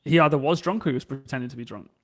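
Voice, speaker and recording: A young English man chatting casually and telling stories, animated and swearing freely, acting out the people he quotes. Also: medium pitch, very fast. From England. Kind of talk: casual chat, storytelling.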